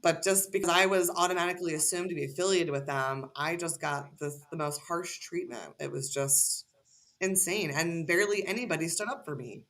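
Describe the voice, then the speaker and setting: A woman's voice: on the low side, a little fast, fairly bright tone. A woman as a podcast guest, ranting heatedly and cursing freely in casual conversation.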